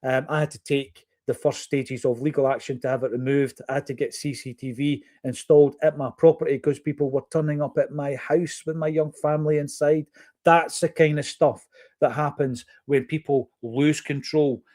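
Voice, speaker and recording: A man's voice: on the high side, steady tone, darkish tone. Opinionated Scottish man hosting a podcast. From Fife, Scotland. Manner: earnest, opinionated, measured with fillers. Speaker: podcast host reading listener comments. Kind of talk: football podcast chat.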